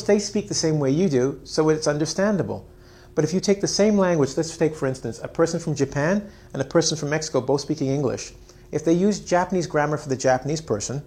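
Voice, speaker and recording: Animated man teaching English. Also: a little high. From Canada. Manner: animated, acts out students' lines with big voice jumps, laughs often. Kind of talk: energetic online English lesson.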